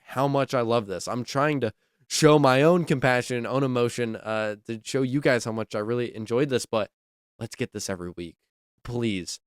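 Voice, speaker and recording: A man's voice: medium pitch, no room sound, clean studio sound. A man hosting a wrestling podcast, giving casual, enthusiastic opinion commentary, repeating himself and saying "like" a lot.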